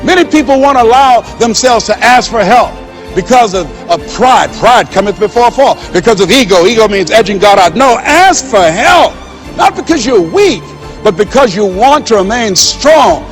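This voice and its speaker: High-voiced man giving an emphatic motivational talk. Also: animated, normal speed, soft background music. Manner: storytelling, acting out quoted dialogue; emphatic, preacher-like repetition. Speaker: motivational speaker. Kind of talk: motivational speech.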